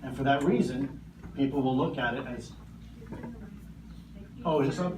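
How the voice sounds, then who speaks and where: Earnest man speaking in a roomy hall. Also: medium pitch. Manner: earnest, measured, repeats words. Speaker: conference keynote speaker. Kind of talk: public Q&A answers. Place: large conference hall. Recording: roomy hall, distant mic, noisy.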